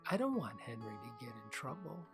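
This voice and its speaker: A man's voice: medium pitch, sing-song, normal speed, over music. A man voicing a nervous, hesitant young boy in a children's audiobook. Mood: upset. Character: worried young boy confiding in his parents.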